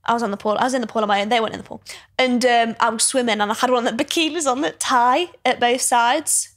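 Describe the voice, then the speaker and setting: A woman's voice: on the high side, fast. Upbeat young woman telling stories. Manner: lively, self-mocking, laughs often. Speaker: podcast host. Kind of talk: casual storytelling chat.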